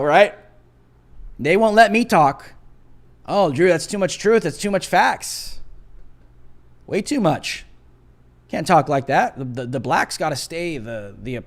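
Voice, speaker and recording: High-voiced man ranting on a commentary show. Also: fairly bright tone. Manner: combative, emphatic, repeats for emphasis. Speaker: host. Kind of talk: political commentary rant.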